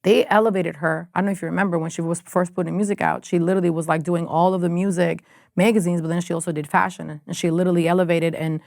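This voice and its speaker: A woman music executive as a podcast guest, telling animated stories in a casual chat with quick restarts. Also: lowish voice, no room sound, clean studio sound.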